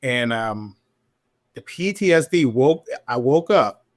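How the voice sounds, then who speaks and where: Here a police officer in middle age, on a podcast as a guest, takes his time sharing a frank, lively account. Quoted remarks come out in a noticeably higher voice as he plays them out.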